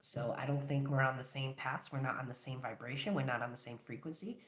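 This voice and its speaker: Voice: mid-range voice, a little fast, fairly bright tone. Encouraging tarot reader in an echoey room. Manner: encouraging, affirming, talks straight to the viewer. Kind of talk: collective tarot reading.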